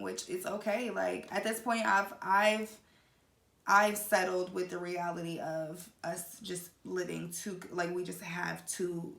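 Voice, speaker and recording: A woman's voice: lowish voice, level tone, normal speed, creaky, a bit bright. A young woman co-hosting a casual vlog, telling a personal story candidly with many fillers. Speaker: vlogger, co-host. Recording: echoey room.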